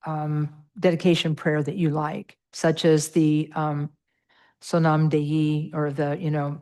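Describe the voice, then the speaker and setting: A woman's voice: deep voice, flat delivery, unhurried, darkish tone. A middle-aged woman teaching a Buddhist meditation class, patiently walking through pronunciation with many fillers.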